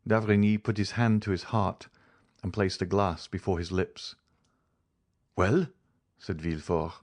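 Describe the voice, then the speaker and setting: Deep-voiced male audiobook narrator. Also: moderate pace, no echo. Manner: steady, even storytelling. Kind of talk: scripted narration.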